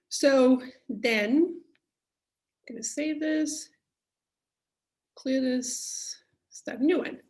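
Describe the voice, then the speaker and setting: Woman, middle-aged, higher pitch, slow and candid, reflective personal talk. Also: darkish tone. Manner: slow, candid, thinking aloud with pauses. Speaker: self-help speaker.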